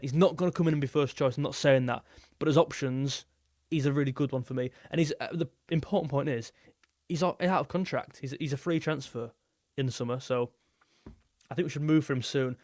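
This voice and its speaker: A man's voice: medium pitch, fast talker, darkish tone, dry recording, studio quality. A young man hosting a live football stream, chatting casually and rambling as he reads out viewer messages. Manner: rambling, repeats himself, reads super chats aloud.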